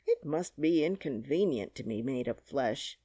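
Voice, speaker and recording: A woman voicing a kindly, thoughtful male scarecrow in an audiobook, speaking slowly and deliberately. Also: a bass voice, animated, warm tone, dry recording, clean studio sound, exaggerated voice. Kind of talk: audiobook character reading.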